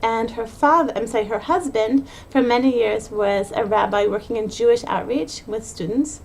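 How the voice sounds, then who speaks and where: In an unscripted podcast monologue, a woman delivers an earnest pep talk to mothers, repeating and restarting phrases and rushing in bursts. Her voice is on the high side with vocal fry, and a little hiss or hum can be heard.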